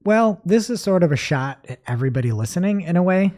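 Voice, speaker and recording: A man's voice: high-pitched, quick pace. A man co-hosting a podcast, telling a self-deprecating story in casual chat. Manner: self-deprecating storyteller, lively animated delivery. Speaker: podcast co-host.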